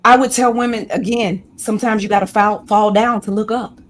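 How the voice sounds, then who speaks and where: A woman's voice: medium pitch, steady tone, fairly quick, faint music behind. Impassioned woman with a preacherly flow. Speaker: guest, women's class leader. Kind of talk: candid interview talk.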